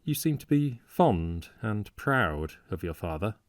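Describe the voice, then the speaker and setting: A bitter, excitable young medical student from an old storybook, voiced by a male reader. He speaks with harsh, mocking sarcasm, and his words come out intense and pointed. The sound is dry and close. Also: lowish voice, slow, dry recording.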